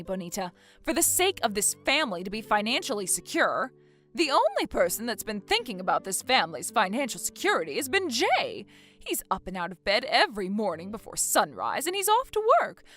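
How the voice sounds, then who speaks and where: A woman's voice: fairly high pitch, a bit bright, exaggerated voice. A woman playing a bossy, scornful older mother-in-law who nags and orders people around. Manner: nagging, domineering.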